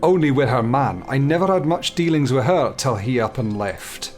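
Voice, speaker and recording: A man voicing a gruff, resentful village blacksmith in a put-on Scottish accent. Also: mid-range voice, animated, moderate pace, soft background music, close to an everyday voice. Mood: grumbling. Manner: grumbling, blaming others.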